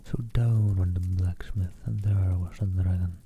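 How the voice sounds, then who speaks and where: A man reading a storybook aloud in a soft, half-whispered ASMR style. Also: deep voice, level tone, measured pace, slight background noise. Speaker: storyteller and streamer.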